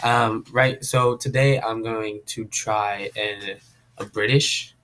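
A man's voice: fairly low pitch, fairly even intonation, slow, a bit bright, slight background noise. A man hosting his own vlog in a casual, goofy and self-deprecating way. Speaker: vlogger.

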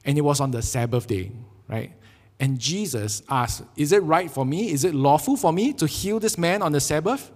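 Singaporean man preaching, slightly high voice. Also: normal speed. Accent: Singaporean English. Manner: animated storytelling with frequent "right?" tags. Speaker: pastor. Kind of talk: sermon. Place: church sanctuary. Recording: long church hall reverb.

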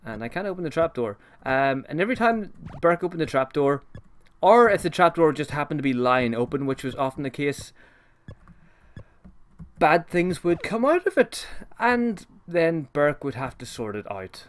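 A man's voice: fairly high pitch, big pitch swings, moderate pace. A young man hosting a let's-play, chatting and reacting aloud to a retro game with self-deprecating humor. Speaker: host of a gaming channel. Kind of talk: casual let's-play commentary.

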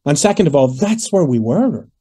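A Northern Irish man in his fifties, a singer answering interview questions in a lively, storytelling way and acting out the voices of people he quotes. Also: on the high side, normal speed, husky. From Northern Ireland. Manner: animated, digressive, acts out quoted voices. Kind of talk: conversational storytelling.

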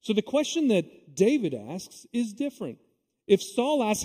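Preacher with a dark tone in a reverberant hall. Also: male voice, high-pitched, very animated, measured pace, slightly rough. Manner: conversational, emphatic preaching with asides. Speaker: pastor. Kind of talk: sermon. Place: church sanctuary. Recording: long reverb of a church hall.

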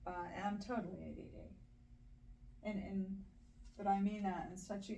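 A woman's voice: medium pitch, steady tone, moderate pace, vocal fry, warm tone, muffled recording, slight background noise. A woman, an actress guest on a podcast, talking in a chatty, rambling way. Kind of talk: casual podcast chat. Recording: echoey room, mic at a distance.

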